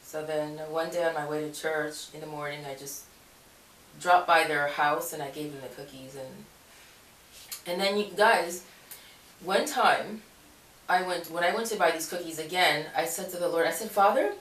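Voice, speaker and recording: A woman's voice: deep voice, moderate pace, a bit bright. A woman telling a personal faith story in a casual, rambling way, often correcting herself and laughing. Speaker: Christian video blogger. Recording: echoey room, voice far from mic.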